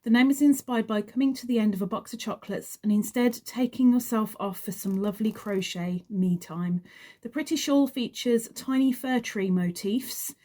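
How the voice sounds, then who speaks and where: A woman's voice: on the high side, warm tone. A woman reviewing a crochet magazine, reading bits aloud and wandering into chatty asides. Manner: chatty, trails off into asides, unhurried. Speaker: crochet vlogger.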